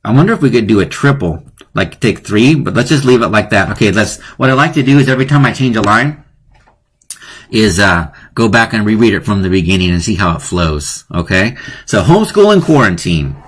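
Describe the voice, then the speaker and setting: A man's voice: fairly low pitch, big pitch swings, fairly quick, breathy edge. A man hosting a live-streamed lesson on wordplay, chatty and playful, often laughing at his own jokes. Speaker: teacher hosting a live online class.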